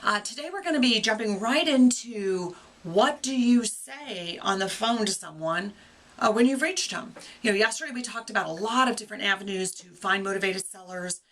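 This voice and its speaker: A woman's voice: mid-range voice, normal speed, fairly bright tone. A middle-aged woman giving a casual video lesson on real estate investing, upbeat and conversational, with fillers and restarts.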